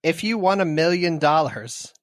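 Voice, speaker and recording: A man's voice: a little high, expressive, normal speed, no room sound, clean studio sound. A man co-hosting a podcast, easygoing as he asks the guest questions. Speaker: podcast co-host. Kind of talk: casual conversation.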